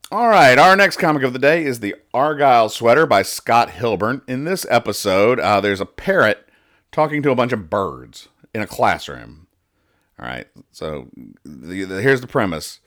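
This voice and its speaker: With a mid-range, slightly bright voice, a young adult podcast host reads comic strips out loud in a casual show. He explains every joke, rambling and stumbling as he goes.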